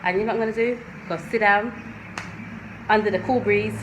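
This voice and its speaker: A woman's voice: medium pitch, steady tone, brisk. Chatty, ranting woman, noisy recording. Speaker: vlogger. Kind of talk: casual vlog chat.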